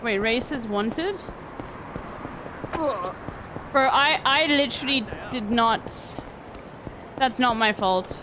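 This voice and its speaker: A woman's voice: a little high, expressive, slow pace, long pauses, noisy background. A young woman streamer chatting casually and swearing freely while she plays a video game. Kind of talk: casual gameplay commentary. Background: game music.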